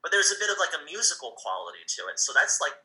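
Bright-voiced man talking about voice acting. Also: a little high, very animated, rough recording. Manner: halting, many restarts and fillers. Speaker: voice actor guest. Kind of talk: casual interview chat.

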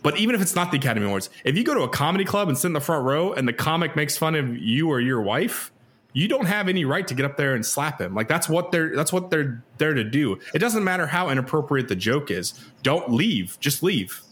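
A man hosting a casual podcast discussion, talking in an animated, opinionated way. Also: a little high, fairly quick. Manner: animated, opinionated, many "like" fillers.

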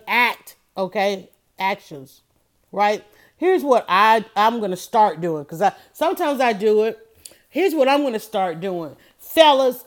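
Woman, casual monologue, emphatic, direct address, medium pitch. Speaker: commentator.

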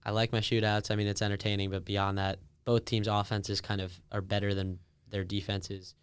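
A young man co-hosts a casual sports talk show and makes his picks with plainspoken confidence. His voice sits a bit low and comes across smooth and clear. The recording is dry and close. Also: level tone, normal speed, no echo. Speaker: co-host.

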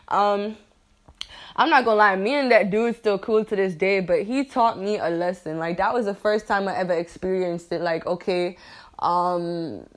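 A young woman spinning a storytime tale in loose, slangy talk full of cursing. She laughs a lot and keeps checking in with her listeners as she goes, with a middle-pitched voice. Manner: slangy, profane and animated, laughs often, keeps asking "you dig?". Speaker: vlogger telling stories. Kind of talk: casual storytime chat.

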